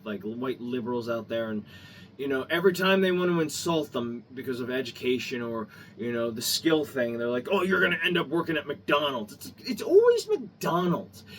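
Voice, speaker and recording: Middle-aged guy ranting, high-pitched, cussing, stammers a lot, mic kinda far off. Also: a little hiss or hum. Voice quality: stammering restarts, repeats words. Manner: heated, swearing, rising to shouts. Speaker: vlogger. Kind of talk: angry profane rant.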